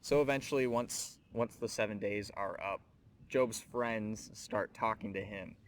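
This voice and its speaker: Speaking to the listener directly, the host of a Bible teaching show sounds earnest and thoughtful. His voice sits on the low side and moves at a measured pace, with a slight hiss or hum in the background.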